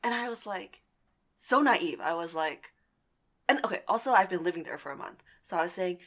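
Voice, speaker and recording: A young woman in her twenties telling a personal story on a podcast in a casual, animated way, swearing now and then. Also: fairly low pitch, normal speed. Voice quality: lively, animated retelling with swearing and laughs. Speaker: podcast guest.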